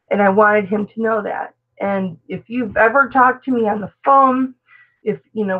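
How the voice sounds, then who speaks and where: A woman's voice: medium pitch, narrow, tinny audio. A middle-aged woman hosting a casual live stream, chatty and affectionate, answering viewers as she talks. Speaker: live-stream host, reseller.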